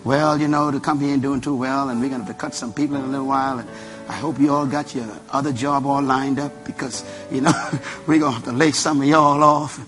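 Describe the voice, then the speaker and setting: A man voicing a gloomy male boss who drawls out bad news in a resigned tone. The voice drops well below the speaker's usual pitch, and the delivery is low and heavy. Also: steady tone, fast, over music, natural voice.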